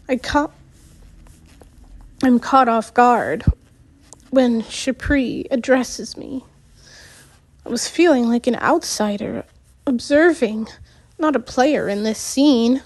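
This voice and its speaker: High-voiced woman narrator, slow and unpolished, first-person novel. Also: darkish tone, dry recording. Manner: unpolished reading with slips and retakes. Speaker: audiobook narrator.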